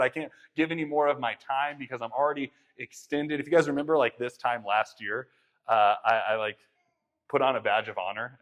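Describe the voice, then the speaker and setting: A young man delivers a relaxed, conversational sermon at an ordinary middle pitch. He retells the story with animated swings in pitch and energy, scattering casual fillers and restarts throughout. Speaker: pastor.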